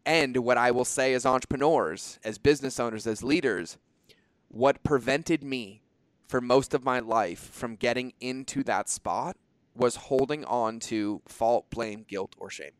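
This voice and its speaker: A man's voice: mid-range voice, measured pace, smooth, no echo. A man hosting a podcast in casual conversation, talking emphatically and swearing casually. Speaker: podcast host.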